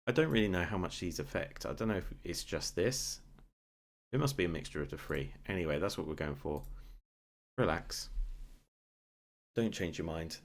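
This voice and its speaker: A man commentating on his own football management game, swinging between quiet muttering and excited shouting. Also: sits low, normal speed, pauses often. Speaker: gaming YouTuber.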